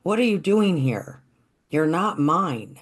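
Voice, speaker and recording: A storyteller voicing an excited young village boy, calling out eagerly in a higher voice than the narration. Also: slow pace. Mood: annoyed.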